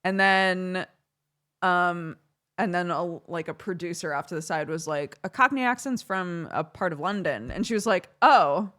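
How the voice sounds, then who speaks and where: A woman's voice: lowish voice, normal speed. A young woman streamer chatting casually, telling a story with lots of laughter. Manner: giggly, animated storytelling with frequent laughter. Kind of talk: casual chat on a livestream.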